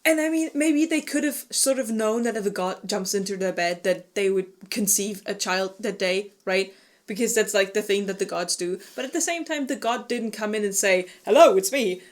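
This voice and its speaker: A woman co-hosting a casual book discussion podcast, animated and swearing freely. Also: mid-range voice. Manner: animated, swearing, quick to laugh. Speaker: book club podcast co-host.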